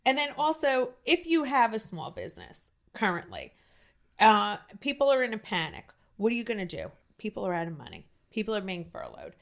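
A loud, gushing woman with a New Jersey accent hosts a casual podcast. She talks with big emphasis, doubling back and restarting her sentences as she goes. Her pitch sits in an ordinary middle range. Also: huge pitch swings, a little fast, creaky. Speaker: podcast host.

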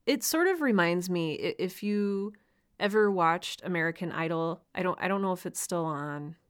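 A woman with a fairly low voice hosts a solo podcast for writers. She talks in an earnest, encouraging way and lets a light laugh slip in now and then. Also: normal speed, clean tone. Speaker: podcast host.

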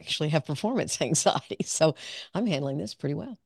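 Gravelly woman telling her story. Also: deep voice, animated, fairly quick, darkish tone, dry recording, studio quality. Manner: reflective, self-revealing, laughs often. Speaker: clinical psychologist, podcast guest. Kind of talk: candid personal storytelling.

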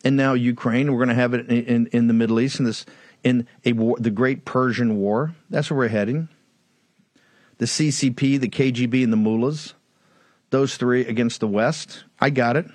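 A man's voice: mid-range voice, fairly even intonation, moderate pace, darkish tone, no room sound. An older man hosts a political talk show from a studio. His delivery is emphatic and heated, stacking repetitions and rhetorical questions. The sound is dry and close, with no room around it. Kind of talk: fiery political commentary.

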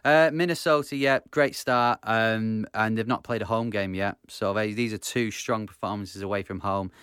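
British male host, brisk and chatty, smooth resonant voice, dry recording. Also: fairly low pitch, steady tone, a bit bright, no echo. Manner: brisk, runs the roundup and sponsor reads. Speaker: podcast host. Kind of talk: casual sports chat.

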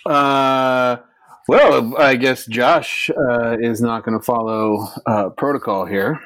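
A man's voice: mid-range voice, slow pace, fairly bright tone, no echo. A man co-hosting a casual podcast, joking and teasing his friends. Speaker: podcast co-host. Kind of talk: casual chat.

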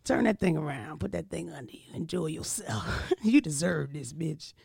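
A seductive talking vibrator, put on by a woman, purring low and bossing its owner around. The voice drops into a lower, gravelly register with a lot of fry. It is close and dry, with no room sound. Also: animated, moderate pace, a little mellow, no echo, exaggerated voice.

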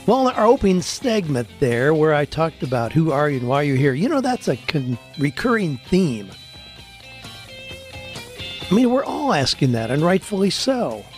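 A man's voice: a little high, big pitch swings, moderate pace, soft background music. A man hosting a radio show, telling a story and then talking in a conversational way. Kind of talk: storytelling and casual radio talk.

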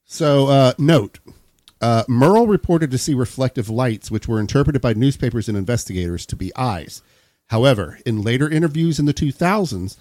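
A man reads a story aloud on a comedy podcast, his pitch swinging up and down as he goes. His voice is close and dry, with no room around it. He drops out of the reading now and then to trade jokes. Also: darkish tone, dry recording. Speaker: podcast host.

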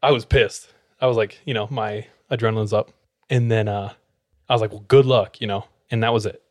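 A man's voice: fairly low pitch, brisk, no echo, studio quality. A man, a podcast co-host, casually telling a story and acting out the lines of the people in it. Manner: animated, acts out quoted dialogue.

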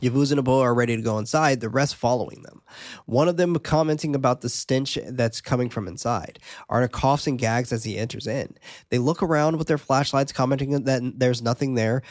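A medium-pitched podcast co-host talks fairly quickly as he reads out a film's plot summary and jokes about it with his friend. Relaxed, he chuckles at his own side comments; the audio is dry and studio quality.

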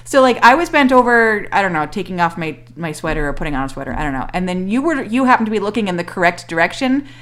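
A woman's voice: medium pitch, very animated, quick pace, hardly any pauses, a bit bright. A woman co-hosting a podcast, chatting casually and rambling with lots of fillers and restarts, with dry self-mocking humor. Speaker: podcast co-host. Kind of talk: casual chat.

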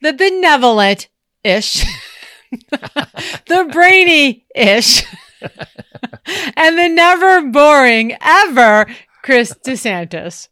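A woman's voice: high-pitched, very animated, very slow, long pauses, sharp tone, no room sound, clean studio sound. A woman co-hosting an advice podcast in casual chat, playful and teasing, often laughing. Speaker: podcast co-host.

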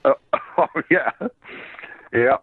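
A slightly hoarse man from Canada, a faint Irish lilt under his speech, tells stories in an animated, laughing rush full of restarts. He comes through a tinny, phone-like line with a dry, close sound. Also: mid-range voice, very slow, no echo. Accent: Canadian with a faint Irish trace. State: a bit hoarse. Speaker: voice actor and singer, guest. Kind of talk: casual interview chat.

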